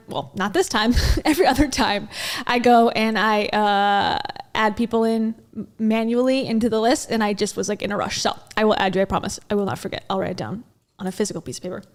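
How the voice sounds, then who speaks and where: A young woman hosting a casual livestream, chatting loosely and thanking viewers from the chat as she goes. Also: a little high. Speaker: livestream host.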